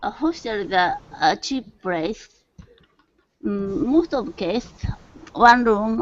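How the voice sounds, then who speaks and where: A woman's voice: medium pitch, animated, slow, pauses often. A woman student in an online English class, speaking hesitantly and searching for words. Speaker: language student. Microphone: video call. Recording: dull lo-fi video call audio.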